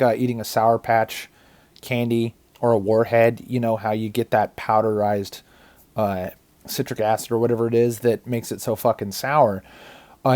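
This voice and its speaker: A man's voice: fairly low pitch, darkish tone. A man narrating a commentary track over his own video in a casual, profane style. He groans, hums and sighs as the heat of the chili peppers hurts him. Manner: casual, swears often, groans and hums through pain.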